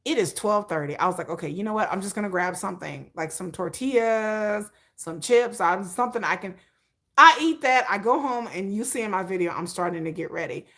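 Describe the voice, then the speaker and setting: A woman hosting her own livestream, chatting through a story in a lively, rambling way. She keeps doubling back and acting out small bits for her viewers. Her voice is bright and forceful. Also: medium pitch, a little fast. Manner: animated, chatty, rambling with restarts and acted-out asides. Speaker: livestream host.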